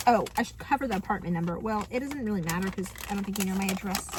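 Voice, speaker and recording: A woman's voice: medium pitch, rapid-fire, few pauses, noisy background. A young woman telling a story on her couch in a sassy, dramatic, mocking vlog style. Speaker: vlogger. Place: apartment living room.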